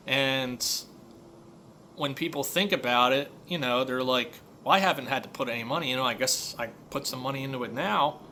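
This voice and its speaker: Bright-voiced mechanic ranting casually. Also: male voice, mid-range voice, slight background noise. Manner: conversational storytelling, many fillers. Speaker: auto repair shop owner. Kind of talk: casual monologue rant.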